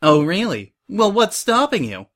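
A man's voice: fairly high pitch, expressive, normal speed, fairly bright tone. A man voicing a rude, bossy young female pony designer with a scoffing manner. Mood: sly. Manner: scoffing, demanding.

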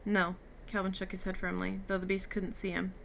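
A woman's voice: mid-range voice, little pitch movement, brisk, vocal fry, slight background noise. A woman reading a novel aloud, giving the characters' lines light shifts. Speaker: reader. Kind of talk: audiobook reading with character dialogue.

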